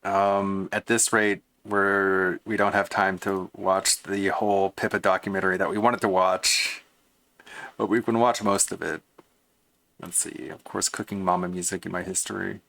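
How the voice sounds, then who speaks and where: A man's voice: low-pitched, flat delivery, moderate pace, creaky, a bit bright, dry recording. Dry, mocking, foul-mouthed male streamer. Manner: mocking, profane ranting. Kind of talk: casual reaction commentary.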